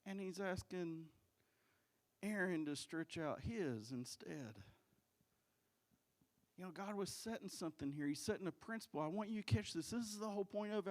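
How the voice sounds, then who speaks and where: A male pastor preaching a sermon in a church, impassioned and repeating key phrases for emphasis. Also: sits high. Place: church sanctuary.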